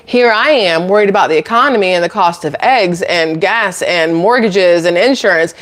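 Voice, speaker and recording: A woman's voice: on the low side, moderate pace, few pauses. A woman hosting her own channel, ranting to camera in a blunt, sarcastic, incredulous way with exasperated laughs. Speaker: channel host.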